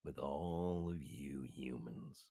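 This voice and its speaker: A man voicing a grumpy seal, slowly ranting at humans in a put-on accent, low and drawn out. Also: mellow, husky, dry recording, exaggerated voice. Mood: grumbling, annoyed. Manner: slow grumbling rant with a put-on accent.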